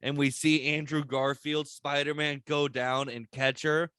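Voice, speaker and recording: Young man, podcast host, casual chat, excitable, profane, rambling, dry close sound. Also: on the high side, a little slow, clean tone, dry recording.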